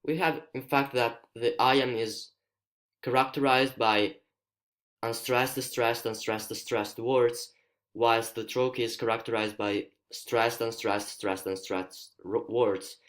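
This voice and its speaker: A native Italian speaker, this male student talks with an Italian accent as he explains a poem in a screencast lesson. He is careful and hesitant, pausing to search for words, and his medium-pitched voice stays steady with a fairly bright tone.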